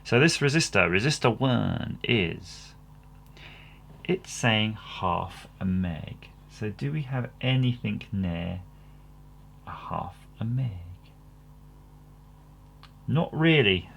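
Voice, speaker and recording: Give me a man with a gravelly voice casually talking through a kit build, self-deprecating and rambling. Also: fairly low pitch, expressive, slow pace, long pauses, a bit bright, slight background noise. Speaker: electronics kit builder, channel host. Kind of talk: casual workbench commentary.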